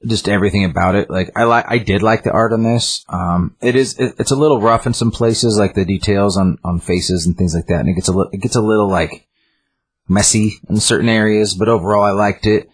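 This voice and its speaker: A man with a deep, slightly husky voice talks through a comic book story in a loose, rambling way. He stumbles, restarts and fills gaps with "like" and "um" as he reviews it. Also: steady tone, a little fast. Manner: rambling, lots of fillers and restarts. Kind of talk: casual chat retelling a story.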